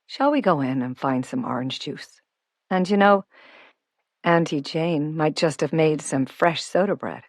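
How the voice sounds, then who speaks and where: A woman voicing a friendly, teasing, self-made wealthy Irish man in an audiobook, speaking softly. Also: sits low, animated, measured pace, dry recording, studio quality, heavily acted. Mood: coaxing. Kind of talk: audiobook character voice.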